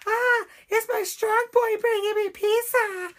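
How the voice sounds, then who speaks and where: A man putting on a sultry woman's voice with an exaggerated fake Spanish accent, squealing high. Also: fairly even intonation, unhurried, a bit bright.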